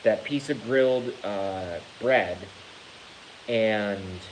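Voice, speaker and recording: A man's voice: on the low side, very slow, rough recording. Guy vlogging a rant, swears a lot, acts disgusted, bit of hiss on the audio. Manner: animated, theatrical disgust, swears freely. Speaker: YouTube vlogger. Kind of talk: casual rant to camera.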